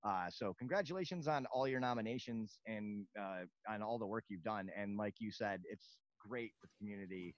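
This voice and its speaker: A man's voice: on the low side, normal speed, hardly any pauses, no echo. A man hosting a podcast in casual chat, blunt and joking, swearing now and then. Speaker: podcast host. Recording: dull dry lo-fi sound.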